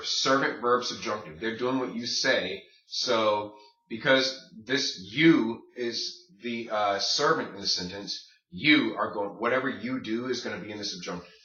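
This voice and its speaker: A man's voice: on the low side, bright, forceful tone. A man teaching a Spanish grammar lesson, explaining step by step and asking his class rhetorical questions. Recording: distant, roomy, muffled.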